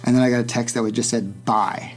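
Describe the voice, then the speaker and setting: A man's voice: medium pitch, steady tone, quick pace, soft background music. Rambling man telling a story. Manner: rambling, frequent restarts and laughs. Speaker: podcast host. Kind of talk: casual storytelling chat.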